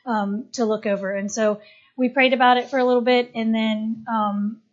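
A woman's voice: fairly high pitch, steady tone, moderate pace. A woman, a missionary and doula, tells her story to a gathered audience in a chatty, eager way full of fillers. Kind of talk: personal testimony to a gathering. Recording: dull lo-fi recording.

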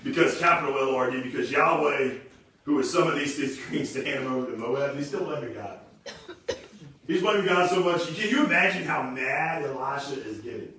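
A man preaching a casual, energetic sermon, slangy and animated, often repeating words as he restarts. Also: mid-range voice, brisk, a little hiss or hum. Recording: very echoey room, distant mic.

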